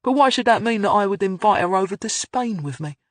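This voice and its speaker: A man's voice: sits high, lively intonation, fairly quick, no room sound, pitched above the performer's own voice. A narrator doing a jovial Cockney ex-pat man. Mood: defensive. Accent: faint Cockney. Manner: cheery and breezy, calls people love. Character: jovial ex-pat businessman, middle-aged.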